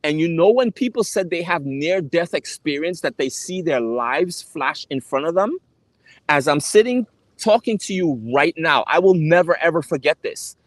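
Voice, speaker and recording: A young man speaks straight to camera in an earnest, storytelling way, leaning on repeated phrases for emphasis. His voice sits a little high for a man, and the sound is dry and close. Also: lively intonation, normal speed, no room sound. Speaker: travel vlogger.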